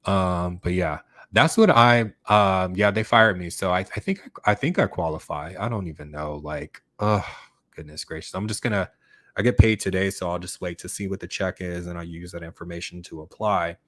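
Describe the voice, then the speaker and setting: A man's voice: low voice, normal speed, a bit bright, no room sound. A man hosting a casual livestream chat, rambling with many fillers and restarts as he reads viewer comments. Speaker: YouTube channel host.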